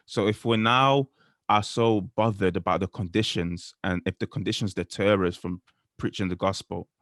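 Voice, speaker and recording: Deep low voiced guy podcast cohost, earnest, measured, dry room. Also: steady tone, fairly bright tone, dry recording. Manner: earnest, quotes scripture, measured. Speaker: podcast co-host. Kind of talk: casual faith discussion.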